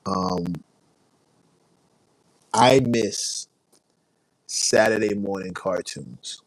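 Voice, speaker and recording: A man from New chats easily on a livestream, wandering from thought to thought and answering viewers by name. His voice sits low, and the sound is close and dry. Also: extremely slow, gravelly, dry recording, low-quality recording. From New York. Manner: rambling, laid-back, reads and answers chat. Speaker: livestream host. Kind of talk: casual livestream chat.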